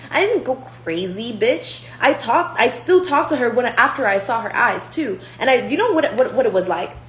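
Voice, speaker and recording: A brash young woman reading tarot cards in a loose, rambling rant, swearing and calling people out as she goes. She is recorded in a roomy, echoey space with a faint hum underneath. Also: a little high. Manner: profane and confrontational, rambling. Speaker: tarot reader.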